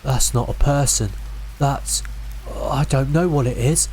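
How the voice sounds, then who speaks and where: Level-headed brother in a horror tale, quiet urgency, read by the male narrator. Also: measured pace, a little hiss or hum, close to an everyday voice, low-quality recording. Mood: urgent. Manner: urgent, low-key warnings.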